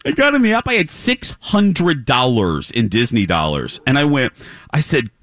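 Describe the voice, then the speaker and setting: A man's voice: mid-range voice, normal speed, no room sound, clean studio sound. A man hosting a morning radio show, telling a long story casually and acting out the voices of the people in it. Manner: animated, acts out voices in anecdotes. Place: live remote broadcast at a clinic.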